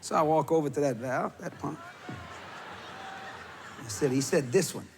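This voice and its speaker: A man preaching, telling a funny story with laughter and bursts of shouting. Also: a little high, normal speed, music in the background. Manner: animated, laughing while telling, shouting at peaks. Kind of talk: humorous storytelling sermon. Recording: live audience with crowd noise.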